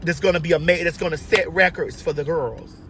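A woman's voice: sits low, a little fast, fairly bright tone, slight background noise. A woman giving brash, profane, emphatic advice in a casual monologue from her car. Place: inside a parked or moving car.

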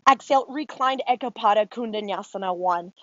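A woman yoga instructor calmly guiding a class through poses and breathing cues. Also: medium pitch, dry recording, highs cut off. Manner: calm, steady spoken cues with long breath pauses.

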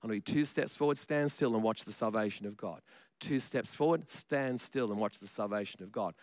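A man's voice: on the low side, fairly quick, darkish tone, no echo. A man preaching a sermon in church, chatty and joking, often repeating his words. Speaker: pastor.

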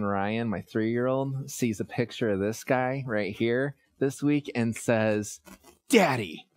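Pastor, male, 30s, relaxed storytelling sermon, mid pitch, lots of "uh"s. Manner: conversational, storytelling with many fillers.

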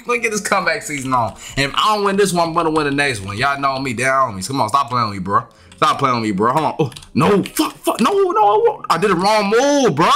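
A young man giving excitable, profane commentary while playing a game. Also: fairly high pitch. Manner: trash-talking, excitable, profane. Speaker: gaming streamer. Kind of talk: live gameplay commentary.

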